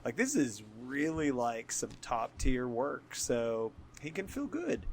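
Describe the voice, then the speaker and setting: A man's voice: medium pitch, very animated, slow pace, slight background noise. A man co-hosting a podcast, chatting casually about comics, laid-back, laughing often and swearing loosely. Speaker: podcast co-host.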